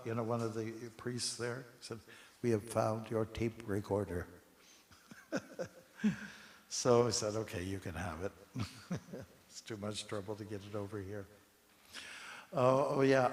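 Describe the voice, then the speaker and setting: A man giving a scripture class in a temple hall, telling relaxed anecdotes with chuckles and asides to the audience. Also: medium pitch. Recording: long hall reverb with faint hiss.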